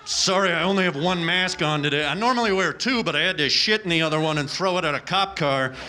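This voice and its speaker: A man's voice: fairly high pitch, fast, pushed and bright, slight background noise. A man voicing a melodramatic, self-pitying male activist passenger who preaches in an overwrought way, performed on a comedy club stage. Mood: preachy. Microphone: handheld stage microphone.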